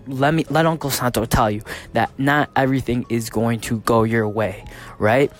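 Laid-back guy telling a motivational story, keeps saying right?, light music behind. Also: mid-range voice. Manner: casual, punctuates sentences with "right?", laughs often. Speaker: fitness training company founder.

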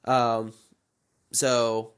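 A man's voice: medium pitch, very slow, smooth. Fired-up young man ranting on his podcast. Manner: animated, rambling, gets fired up and ranting. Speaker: podcast host. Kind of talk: casual solo podcast chat.

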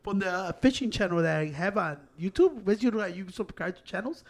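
A man with a Mexican-American accent, switching between Spanish and English as he swears and tells stories excitedly. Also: high-pitched, brisk. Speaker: podcast co-host. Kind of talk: casual chat.

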